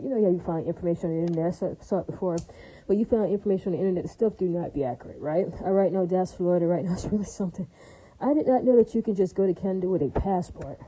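Warm and husky at a medium pitch, this woman vlogs over a rough recording. She rambles in a blunt, crude, chatty way, packing in fillers and repeatedly asking listeners "right?" and "does that make sense?"

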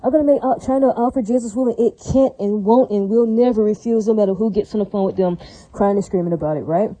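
A woman with an extremely mellow, dark-toned voice delivers a rambling monologue to her viewers. She circles back over the same points and keeps tagging "right?" onto her sentences, with short laughs slipping in. The sound is dry and close, with no room echo. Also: medium pitch, fast talker. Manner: repetitive, tags lines with "right?"; laughs between phrases.

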